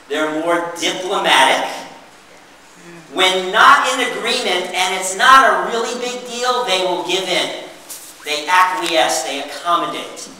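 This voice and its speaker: A man giving an interactive workshop presentation, animated and drawing answers from his audience. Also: sits high. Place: meeting room with an audience. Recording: echoey hall, mic far off.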